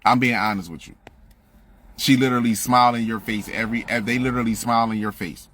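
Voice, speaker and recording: A man's voice: medium pitch, fairly even intonation, quick pace, fairly bright tone, a little hiss or hum. A man ranting on a livestream into a phone, blunt, profane and preachy, repeating himself to press his point. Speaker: livestream host. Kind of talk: heated livestream rant.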